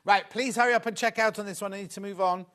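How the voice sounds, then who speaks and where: Man, shopping channel host, high voice, gushing, chatty, live studio. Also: fairly even intonation, quick pace, pushed and bright. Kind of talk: live home shopping presentation.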